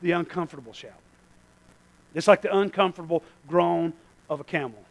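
High, gravelly preacher shouting and hushing. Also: male voice, normal speed, no echo. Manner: swings from hushed asides to shouted preaching; folksy, calls to the congregation. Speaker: pastor. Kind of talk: sermon.

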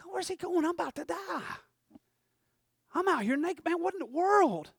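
Man acting out a dying guy on the roadside, begging in a high cracking voice, stuttery. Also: animated, normal speed, creaky, no room sound, clean studio sound, full character voice. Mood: pleading. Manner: desperate, stammering cries.

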